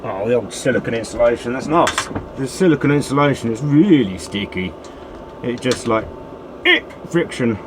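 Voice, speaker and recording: A man's voice: medium pitch, expressive, moderate pace. Man, casual workshop commentary, mutters and curses mid-task, noisy room behind. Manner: chatty, muttering and humming while working, swears casually. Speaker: DIY video maker.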